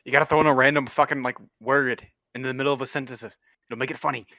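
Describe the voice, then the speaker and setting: Bright-voiced joking male player. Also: mid-range voice, steady tone, quick pace. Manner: joking, laughs a lot. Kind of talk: casual tabletop game chat.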